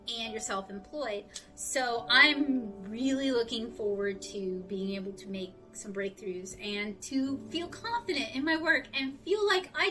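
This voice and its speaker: A woman with a Southern US accent talks openly to her viewers, rambling and reflective. Her voice is bright and fairly high. She sits back from the mic with faint music underneath. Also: recorded from a distance. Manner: candid, rambling, self-reflective. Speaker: artist vlogger. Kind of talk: casual talk to camera.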